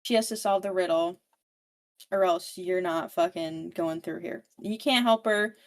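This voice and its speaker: A woman's voice: fairly low pitch, measured pace. Grumpy monsters from under a bridge bark rude, bossy orders, as a woman puts them on in her own voice. They sound hostile and profane.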